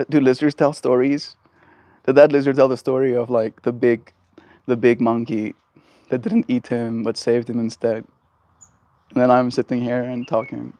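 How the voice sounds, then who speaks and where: Male livestreamer, casual porch chat, rambling and gentle, dry close sound. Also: medium pitch, dry recording. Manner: rambling and gentle, heavy on fillers. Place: outdoors on a porch.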